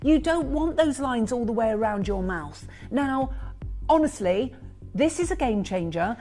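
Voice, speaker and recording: A woman's voice: a little high, expressive, measured pace, mellow, faint music behind. A woman in her sixties presenting on a live shopping channel, chatty and emphatic as she sells. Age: 60s. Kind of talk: live TV sales pitch. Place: TV studio.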